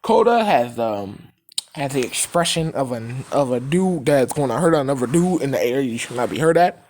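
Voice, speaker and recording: A woman's voice: very deep voice, lively intonation, moderate pace, a little mellow, slight background noise. A woman casually retelling a fan story, rambling with lots of fillers and swearing. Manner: rambling, filler-heavy, cursing, laughing.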